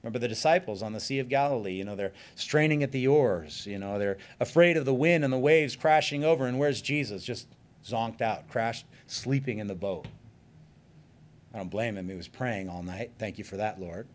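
Man preaching with quiet asides and loud bursts. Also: mid-range voice, normal speed. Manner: conversational preaching with joking asides; swings from quiet, soft remarks to loud emphatic bursts. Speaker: pastor. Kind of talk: sermon.

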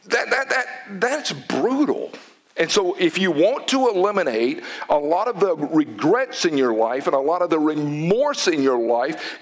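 A man's voice: a little high, lively intonation, unhurried. A man preaching a sermon to a congregation, emphatic, often repeating words for stress. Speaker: pastor. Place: church.

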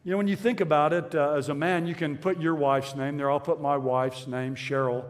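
A middle-aged man preaching a sermon in a church, earnest and measured, repeating his key phrases. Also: a little high, fairly even intonation, long reverb tail. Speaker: pastor.

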